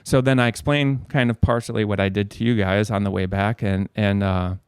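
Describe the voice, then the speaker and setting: A man's voice: lowish voice, steady tone, a little fast, clean tone, no room sound, clean studio sound. A man as a podcast guest, telling a long story in a rambling way, swearing a lot. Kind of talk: casual storytelling.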